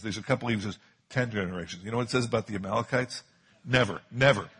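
Husky-voiced man preaching a sermon. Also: on the low side, quick pace, a bit bright. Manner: emphatic, repeats key phrases for stress. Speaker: pastor.

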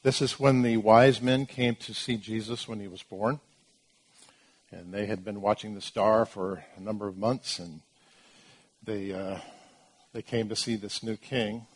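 A man's voice: on the low side, steady tone, a little slow, husky. A man preaching a sermon, teaching through Bible verses in an emphatic way, with asides and restarts as he explains.

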